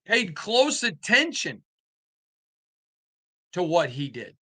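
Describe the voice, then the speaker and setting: Speaking slowly in a high, sing-song voice with a bright, forceful tone, a middle-aged sports beat writer and show host delivers an opinion monologue to camera. He tells rambling stories that build into an impassioned rant.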